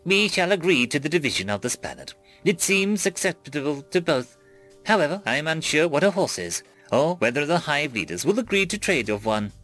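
A man's voice: a little high, very animated, brisk, a bit bright, faint music behind. A man voicing a towering insect-like alien whose translator speaks formally and stiffly, with little inflection.

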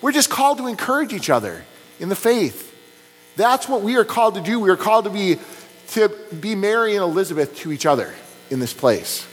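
A man's voice: sits high, very animated, a little fast, slightly rough. A man preaching a sermon as a pastor in a church, speaking conversationally with many fillers. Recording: long reverb with mains hum.

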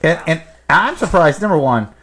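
A man's voice: on the high side, sing-song, normal speed, fairly bright tone, slight background noise. A man co-hosting a podcast, casually teasing the host and cracking jokes. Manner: teasing, joking, laughs often. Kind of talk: casual chat.

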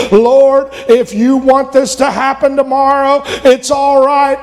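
A man preaching a sermon, retelling a story with shouted emphasis and voiced characters. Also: very high voice. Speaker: pastor. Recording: long hall reverb.

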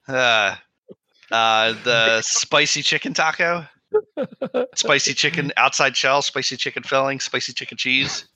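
A man running a tabletop game as game master, talking haltingly with frequent pauses. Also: mid-range voice, pushed and bright, dry recording, low-quality recording.

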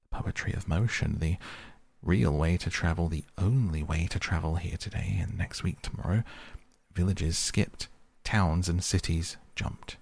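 Man reading as a dreamy vain toad, male, murmuring monotone, husky, gravelly. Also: low voice, measured pace, full character voice.

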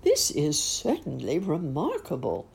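A woman voicing Uncle Wiggily, a kindly, fussy old gentleman rabbit who frets politely. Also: low-pitched, wildly swooping pitch, measured pace, creaky, breathy edge, exaggerated voice. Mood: worried. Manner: fretful, polite.

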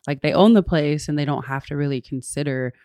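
A woman's voice: low voice, fairly quick, warm tone, no room sound, clean studio sound. A woman guest from talking in an earnest, thoughtful way, with fillers, in a casual conversation. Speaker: podcast guest.

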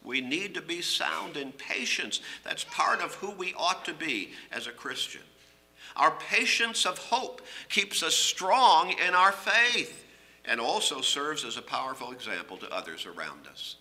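A middle-aged man preaching a sermon, earnest and emphatic, rising on key phrases and dropping low at the ends. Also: lively intonation, unhurried, sharp tone.

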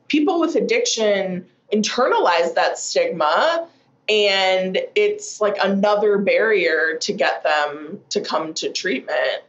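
A woman's voice: mid-range voice, roomy sound, dull audio. A woman who works as an addiction physician, explaining things thoughtfully with frequent fillers. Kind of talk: conversational expert explanation.

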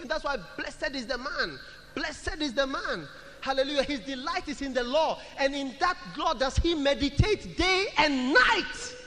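A male pastor preaching a sermon in church, chanting short scripture phrases over and over and building to loud calls. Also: very high voice, long reverb tail, slight background noise.

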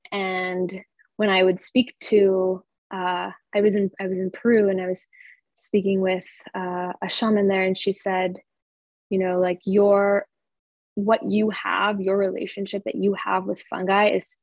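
A woman founder talks as a guest in a relaxed chat. Her voice is gravelly and a little husky. She rambles earnestly, piling up filler words, recorded dry and close. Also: medium pitch, no echo. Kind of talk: casual interview chat.

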